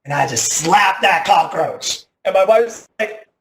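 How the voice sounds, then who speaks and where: A man in his thirties telling a personal story as a motivational talk, animated, often saying "like", with loud bursts at dramatic moments. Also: on the high side, unhurried. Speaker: teacher giving a motivational talk. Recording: echoey room.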